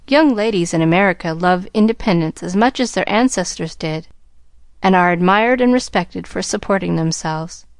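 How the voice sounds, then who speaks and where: A woman's voice: lowish voice, normal speed, dry recording, lightly acted. Woman reading as a kind young male tutor. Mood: encouraging. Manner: encouraging, gentle.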